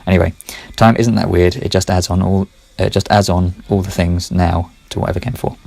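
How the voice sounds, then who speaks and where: A man's voice: low-pitched, flat delivery, brisk, vocal fry, warm tone. A man talking through his ideas in a casual monologue, rambling, correcting himself and muttering asides under his breath.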